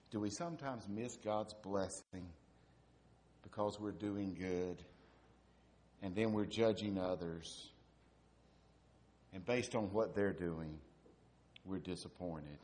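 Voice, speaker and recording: A man's voice: low voice, darkish tone, slight background noise. A man preaching a sermon, asking repeated rhetorical questions and building to emphatic peaks.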